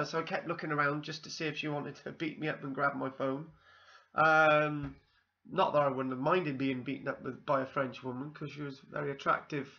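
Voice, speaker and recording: Bright-voiced Welsh man rambling on. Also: on the high side, highs cut off. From South Wales. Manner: meandering, full of ums and asides. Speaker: vlogger. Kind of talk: rambling personal anecdote.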